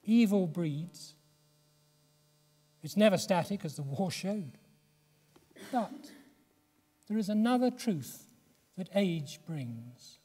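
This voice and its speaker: A man in his seventies from England giving a reflective public lecture, measured and slowing for emphasis. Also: high voice, expressive, warm tone. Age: 70s. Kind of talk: public lecture and poetry reading. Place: lecture hall. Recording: long hall reverb.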